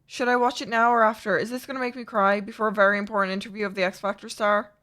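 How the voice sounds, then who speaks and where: A woman's voice: mid-range voice, fairly even intonation, fast, fairly bright tone. A young adult woman live streamer chatting casually with her viewers, exclaiming and talking straight to chat.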